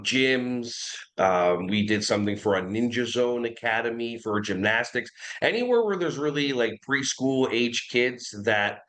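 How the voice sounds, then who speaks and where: A man in his forties from New Jersey, an early childhood behavior trainer, guests on a podcast and talks casually and energetically, an animated storyteller who sometimes breaks into silly voices. His voice is lowish, and the recording is low quality.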